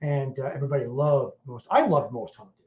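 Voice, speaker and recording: A man's voice: mid-range voice, expressive, brisk, a little hiss or hum. A middle-aged Welsh man hosting a podcast in casual chat, blunt and crude, rambling with many fillers. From Wales. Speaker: podcast host. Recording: roomy, dull lo-fi sound.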